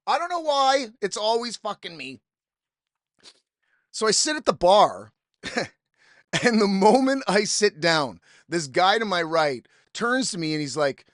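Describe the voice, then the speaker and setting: Podcast host: man, high voice, close dry sound, exasperated profane storyteller. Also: big pitch swings, moderate pace, fairly bright tone, no echo. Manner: profane, exasperated ranting with quoted asides. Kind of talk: casual storytelling monologue.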